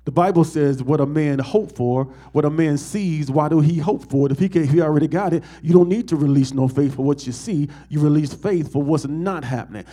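A man's voice: a little high, a little fast, hardly any pauses, dark tone. A man, a pastor, preaching a sermon to his congregation and asking them call-and-response questions.

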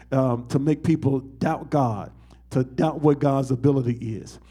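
A man's voice: on the high side, dark tone. A man, a pastor, preaching a sermon to his congregation and asking them call-and-response questions.

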